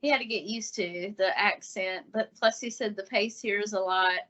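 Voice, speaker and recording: A woman with a Southern accent chats as a guest in a friendly way, laughing easily. Her voice is bright and husky and sits a little high, and the recording is dull and lo-fi. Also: moderate pace. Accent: Southern American. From Southern United States. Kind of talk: casual chat.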